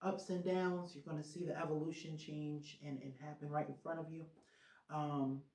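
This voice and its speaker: Heard with a roomy echo, this podcast host chats alone in a wandering way, full of "um" and "like." Their medium-pitched voice is a little mellow, with a flat delivery at a moderate pace.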